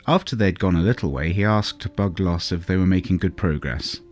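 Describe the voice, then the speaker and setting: A man narrating a fairy tale in a calm, measured storybook reading. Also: low voice. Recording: soft music underneath.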